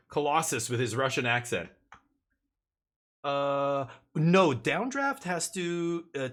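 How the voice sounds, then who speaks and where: A man streaming a card game live, chatting excitedly and joking with his chat as he plays. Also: mid-range voice.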